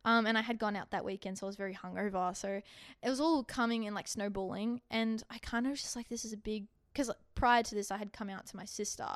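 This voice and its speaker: A woman's voice: medium pitch, fast, dry recording, studio quality. A young Australian woman co-hosting a podcast, telling a personal story in casual chat and acting out the dialogue as she goes. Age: young adult. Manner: animated, acts out quoted dialogue in the telling. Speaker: podcast co-host.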